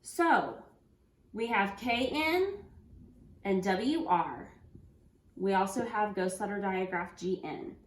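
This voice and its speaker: Echoey woman teaching children phonics. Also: medium pitch. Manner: slow, clear, encouraging, spells out letters. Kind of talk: phonics lesson for young children. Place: home room with an easel. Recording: echoey room.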